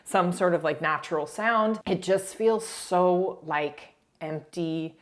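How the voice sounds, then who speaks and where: A woman with a notably low voice gives loose, casual commentary on a reality show. She talks in a chatty way, full of little asides and laughs. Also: slow pace. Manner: chatty, frequent "like", laughs while talking. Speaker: reality TV recap YouTuber.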